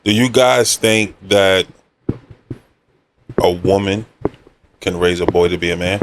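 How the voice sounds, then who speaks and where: Low-voiced man chiming in on a podcast. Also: takes it slowly, background noise. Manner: brief affirmations, asks questions. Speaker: podcast co-host. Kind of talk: casual podcast discussion.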